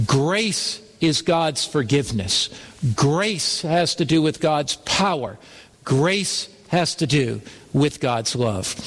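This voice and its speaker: A man preaching a sermon, firing rhetorical questions and emphatic call-and-response. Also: a little high. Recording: long hall reverb.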